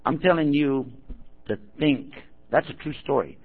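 A man preaching to a gathering, his voice gravelly and rough. He tells stories and acts out the people in them, and now and then he prods the listeners directly. The sound is thin and tinny, like a phone line. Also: a little high, unhurried. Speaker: Muslim preacher. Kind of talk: storytelling talk to an audience.

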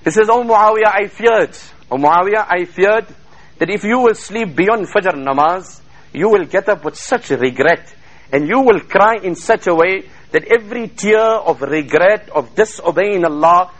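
A man's voice: high-pitched, unhurried, fairly bright tone, poor audio. A man preaching a sermon in a mosque, fervently chanting Arabic verses between English passages, heard over a radio broadcast.

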